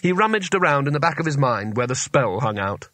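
Expressive male audiobook narrator. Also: medium pitch, no echo. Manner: expressive, measured storytelling. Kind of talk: scripted narration.

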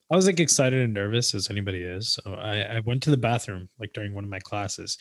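A young man co-hosting a podcast, telling stories in a casual chat with loud outbursts and mumbled asides. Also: mid-range voice, no echo. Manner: animated storytelling, swings from mumbling to loud outbursts. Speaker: podcast co-host.

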